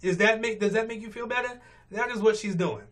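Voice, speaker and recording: A man's voice: high voice, brisk, a bit bright. A male vlogger giving blunt, profane, exasperated rant commentary from his car on a morning commute. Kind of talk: ranting commentary.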